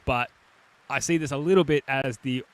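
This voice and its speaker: A man hosting a sports fan podcast, chatting in an animated, self-deprecating way with hedges. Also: medium pitch, moderate pace. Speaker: podcast host. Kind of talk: casual podcast chat.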